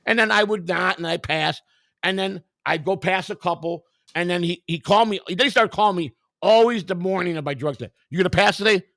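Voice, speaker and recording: A man's voice: sits high, brisk, creaky, fairly bright tone, no echo, clean studio sound. An older man candidly telling his life story in conversation, blunt and profane, rambling with restarts and quoted dialogue. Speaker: guest.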